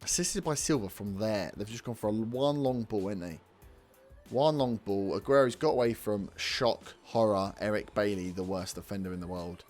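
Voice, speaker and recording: With a fairly low, slightly mellow voice at normal speed, a young let's play host narrates his football management game over faint background music. He's frustrated, telling off his players and cursing.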